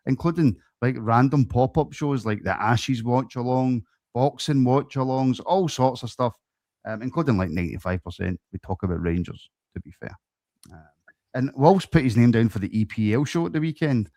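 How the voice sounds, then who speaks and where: A podcast host with a mid-pitched voice, chatting loosely and doubling back on his own phrases. The sound is dry and close, with no room echo. He keeps an easy, informal tone as he thanks his listeners. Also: animated, normal speed, warm tone. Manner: loose and chatty, repeats himself for effect. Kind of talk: casual podcast sign-off.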